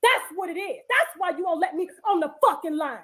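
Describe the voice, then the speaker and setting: A woman's voice: extremely high pitch, animated, a little fast, fairly bright tone. A woman on a live stream, delivering a combative rant full of cursing and repeated phrases.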